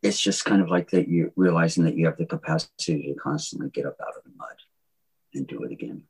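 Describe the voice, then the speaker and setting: A man with a soft Southern US accent, a songwriter talking about his songs in a reflective, halting way with many restarts. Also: extremely low pitch, expressive, creaky, slightly rough, low-quality recording. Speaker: songwriter guest. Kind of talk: reflective interview talk.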